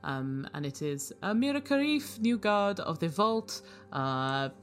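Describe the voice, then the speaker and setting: A woman running a tabletop game, narrating casually with many halting fillers. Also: on the low side, big pitch swings, soft background music. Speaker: game master.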